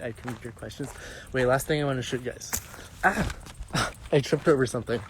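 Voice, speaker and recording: A young man from France in his twenties hosts a casual phone livestream outdoors by the sea. He rambles easily, leaning on fillers as he talks to viewers. A faint wash of outdoor noise sits behind his voice. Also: mid-range voice. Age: 20s. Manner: chatty, rambling, many fillers. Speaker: livestream host.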